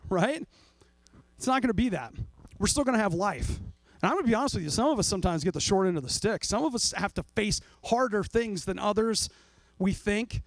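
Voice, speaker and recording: A pastor preaching in a loose, conversational way, his voice pitched high for a man. He jokes and slips into mock voices of the people he describes. The sound is close and dry, with no room around it. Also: lively intonation, fairly quick, creaky, no echo. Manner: jokey, acts out voices of people and God. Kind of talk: casual conversational sermon.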